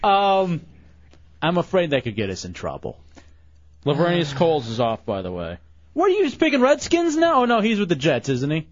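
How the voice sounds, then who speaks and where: Teasing radio host with a lively voice. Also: male voice, fairly high pitch, moderate pace, no room sound. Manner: teasing, laughs often, runs the draft. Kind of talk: casual radio banter. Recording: dull lo-fi radio recording.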